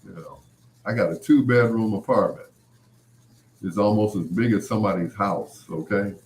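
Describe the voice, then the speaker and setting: Male host, middle-aged, lower register, loose rambling talk with acted-out quotes. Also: moderate pace, slight background noise. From Chicago area. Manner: rambling, many "you know" fillers, acts out quoted lines. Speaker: podcast host. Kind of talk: casual storytelling chat.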